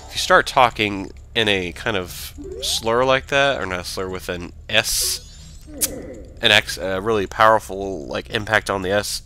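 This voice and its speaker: A man's voice: low voice, pushed and bright. A man casually commenting on a video game he plays, rambling, joking and correcting himself. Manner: rambling, jokey, self-correcting. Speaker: let's play host.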